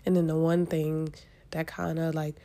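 Close to tears, a woman pours out her frustration on her own solo podcast, her deep, congested voice dark and mellow with a steady gravelly fry from sinus trouble. She talks in halting bursts, swearing, restarting often and trailing off into pauses.

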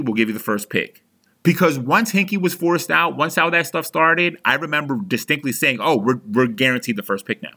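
A young adult man airs his frustration as a fan on his sports podcast. His voice sits at middle pitch, bright and forceful. Heated and profane, he repeatedly restarts his sentences.

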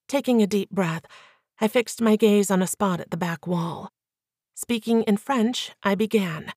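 Woman audiobook narrator, first-person novel, even delivery, dry close recording. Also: medium pitch, unhurried, no room sound.

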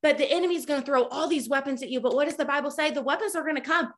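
A woman in her thirties giving a fervent, preachy faith talk to her followers, at times nearly yelling. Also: high-pitched, rapid-fire, a little hiss or hum. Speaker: Christian speaker. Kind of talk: impassioned faith talk to a social media audience.

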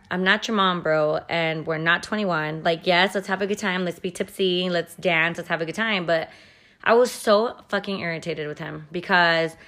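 A woman's voice: fairly low pitch, fairly bright tone. Blunt, profane woman gossiping on her podcast. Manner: blunt, profane and chatty, with frequent "like" fillers. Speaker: podcast host. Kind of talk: casual podcast storytelling. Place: at home.

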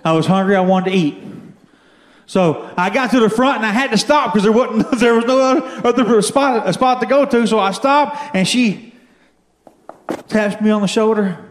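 A man telling a story from his own life as a testimony during a sermon, building to shouted fervor. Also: high-pitched, moderate pace, reverberant. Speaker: guest speaker giving testimony. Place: church.

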